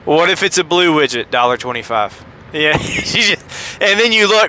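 A middle-aged man rambles through a casual podcast monologue. He jokes and pokes fun at himself as he talks. His voice is bright and sits slightly high for a man. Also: big pitch swings, moderate pace, a little hiss or hum. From American South. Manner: chatty, joking, self-deprecating. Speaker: podcast host.

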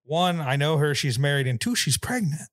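Podcast dude telling crude stories, teasing, dry close mic. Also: male voice, on the high side, lively intonation, moderate pace, dry recording. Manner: blunt, profane, teasing jokes. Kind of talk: casual podcast chat.

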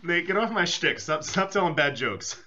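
A man's voice: on the high side, expressive, moderate pace, pushed and bright, highs cut off. A man co-hosting a casual comedy podcast, who breaks into mock-outraged, swearing rants. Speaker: podcast co-host.

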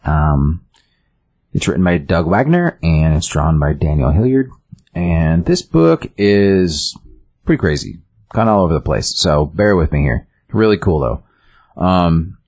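A man with a very low, husky voice talks through a comic book story in a loose, rambling way. He stumbles and restarts often as he recaps. It is a casual show chat.

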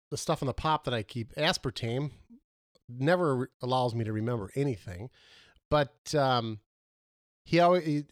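A man's voice: mid-range voice, no echo, studio quality. A man co-hosting a casual movie review chat, rambling and losing his words mid-sentence.

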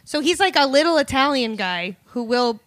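A woman's voice: sits high, animated, moderate pace, fairly bright tone, no room sound. A woman guest on a comedy podcast, explaining history in a casual chat and laughing often at her own asides.

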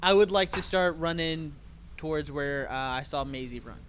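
A man playing a character in a tabletop game, describing his moves in a relaxed, halting way. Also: on the high side, slight background noise. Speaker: player. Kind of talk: casual tabletop play.

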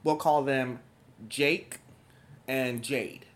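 A woman's voice: a bass voice, fairly even intonation, drawn-out words. A young woman chatting casually as a podcast guest, telling a story and acting out the lines she quotes. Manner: storytelling, acts out quotes animatedly. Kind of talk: casual chat.

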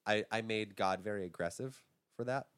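A man's voice: fairly low pitch, normal speed, a bit bright, clear, resonant tone, no room sound. A man co-hosting a casual comedy podcast, reading scripture aloud and mocking it in a crude, aggressive manner. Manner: crude, mocking, acts out characters in aggressive voices. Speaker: podcast co-host.

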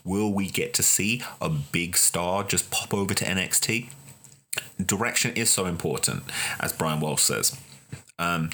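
A young man with a notably low, deep voice delivers an impassioned monologue about wrestling to his channel viewers. He hammers his points home with repeated phrases and rising emphasis. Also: measured pace, bright, forceful tone. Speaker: wrestling video host.

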